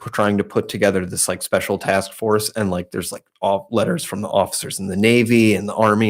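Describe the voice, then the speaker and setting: A man's voice: fairly low pitch, level tone, a little fast, hardly any pauses. A young man co-hosting a podcast, telling a long story in a rambling, profane way, packed with "like" and restarts. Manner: rambling storyteller, heavy swearing and filler "like". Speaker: podcast co-host. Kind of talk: casual chat.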